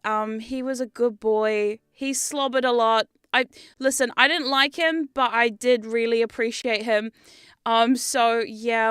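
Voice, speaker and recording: Young woman streamer with a bright, crisp voice, dry and close. Chatty, rambling and animated, swears freely. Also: fairly high pitch, no echo. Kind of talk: casual chat stream.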